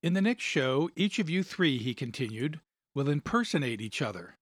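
A man's voice: fairly high pitch, big pitch swings, normal speed, a bit bright, no echo. Pompous male theatre producer read by a man, bossy, lecturing, dry close sound.

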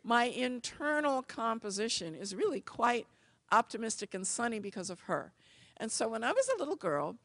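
A woman from the United States telling personal stories in an expressive, animated manner. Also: a little high, normal speed, vocal fry, no echo. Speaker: speaker. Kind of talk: personal storytelling talk.

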